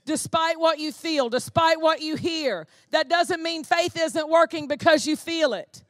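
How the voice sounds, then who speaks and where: A woman pastor preaching a sermon with fervent, emphatic, repetitive phrasing that builds to shouting. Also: high-pitched, a little slow, no room sound, clean studio sound.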